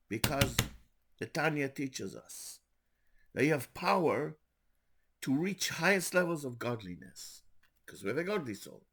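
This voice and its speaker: An older man, a rabbi, telling stories in a sermon with animated, rising emphasis. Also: medium pitch, unhurried, long pauses, slightly rough. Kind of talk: storytelling sermon.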